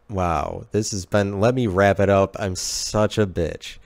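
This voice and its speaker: A man with a low, smooth, clear voice rambles through a comedic podcast monologue. He keeps restarting his sentences and talks to himself with irony. The sound is dry and close. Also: a little slow, few pauses, no echo. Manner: rambling, restarting sentences, ironic self-talk. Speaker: podcast host.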